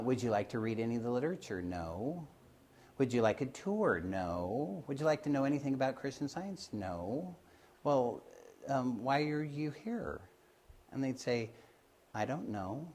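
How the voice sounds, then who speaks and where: Man, mid-pitched, slow and halting storyteller, acts out the dialogue, faint hiss behind. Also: sing-song, a little mellow. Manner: hesitant, many fillers and restarts, acts out the quoted voices. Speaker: Christian Science healer telling of his work. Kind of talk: informal storytelling talk.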